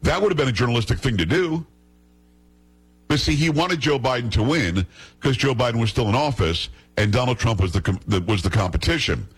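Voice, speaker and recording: A man's voice: mid-range voice, lively intonation, a little fast, husky. A male host giving indignant political commentary, full of sarcasm and rhetorical questions.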